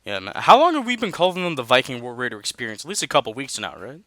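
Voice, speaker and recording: A man's voice: medium pitch, sing-song, fast, bright, forceful tone, dry recording. A man hosting a casual wrestling podcast, reading out match results and chatting loosely with dude and man. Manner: laid-back, says dude and man, reads out results. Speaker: podcast host.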